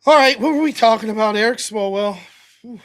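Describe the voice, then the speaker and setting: A man's voice: sits high, a little fast, fairly bright tone. An American man hosting a live stream, reading viewer donations aloud in a mock-wounded, self-deprecating way. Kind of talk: casual live-stream chat.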